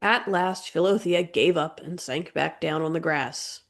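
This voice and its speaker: A woman narrating an audiobook in a measured, gentle storytelling manner. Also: deep voice, vocal fry. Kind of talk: scripted narration.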